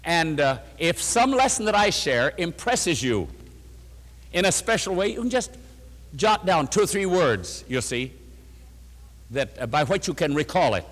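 A man delivering a sermon in an earnest, storytelling manner, his voice a little high for a man and very lively in pitch. A long reverb trails each phrase, as in a large hall. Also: unhurried. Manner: earnest storytelling, retelling a letter with rising emotion. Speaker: preacher.

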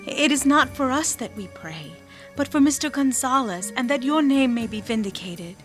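An earnest, devout young nurse. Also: female voice, high voice, expressive, normal speed, faint music behind. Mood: fervent. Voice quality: earnest, fervent. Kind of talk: radio drama acting.

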